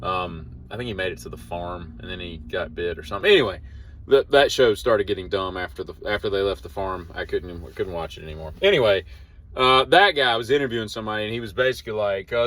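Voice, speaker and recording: Rambling low-voiced man. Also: expressive, fast talker, a bit bright. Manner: meandering, self-correcting, wry storyteller. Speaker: host of a daily show. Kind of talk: casual rambling monologue.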